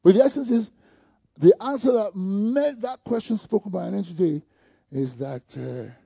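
Gravelly-voiced preaching man. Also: high voice, expressive, moderate pace, dry recording, clean studio sound. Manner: call-and-response preaching with rising shouts. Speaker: pastor. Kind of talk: sermon.

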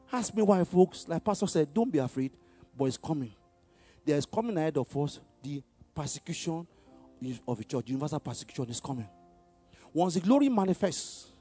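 Guy preaching, high voice that jumps all over, gets people to repeat after him, dry close sound. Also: husky, dry recording. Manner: call-and-response preaching, has congregation repeat lines; swings between loud exhortation and quiet low asides, chuckles often. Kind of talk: sermon.

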